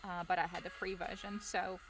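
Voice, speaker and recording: A woman's voice: on the low side, flat delivery, brisk, music in the background. A young woman streamer chatting casually with her viewers, rambling, self-deprecating and laughing often.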